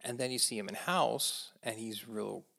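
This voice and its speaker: A man's voice: on the low side, moderate pace, vocal fry, pushed and bright. An American man co-hosting a casual movie podcast, chatty and enthusiastic. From United States. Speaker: podcast co-host.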